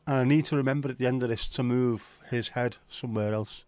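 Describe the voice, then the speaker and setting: A man's voice: mid-range voice, steady tone, a little fast, darkish tone. A man who hosts a casual live stream, chatting and joking and greeting viewers by name. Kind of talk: casual watch-along chat.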